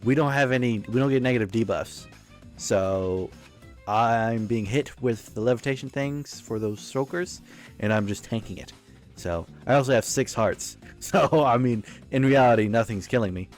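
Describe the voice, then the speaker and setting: A man's voice: medium pitch, moderate pace. A man giving casual, rambling commentary over his own gameplay video, joking and correcting himself as he goes. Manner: rambling, self-correcting, jokey. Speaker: gaming YouTuber. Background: faint background music.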